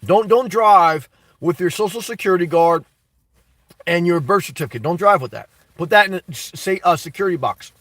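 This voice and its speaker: This live-stream host replies to comments briskly, with lively intonation and a high, a-bit-bright voice. He is emphatic and repetitive, with laughter breaking up his remarks, and the dry recording was made far from the mic.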